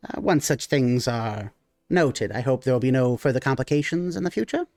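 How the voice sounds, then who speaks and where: A man's voice: medium pitch, expressive, normal speed, a little mellow, no room sound, studio quality, lightly acted. A man voicing a small, stout male gnome merchant who speaks formally and courteously.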